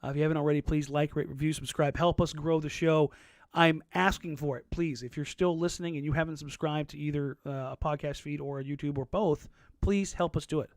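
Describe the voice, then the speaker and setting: A man's voice: on the high side, fairly even intonation, no room sound, clean studio sound. A man co-hosting a casual sports podcast, telling rambling stories and laughing easily. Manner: rambling storyteller, quick to laugh. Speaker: podcast co-host.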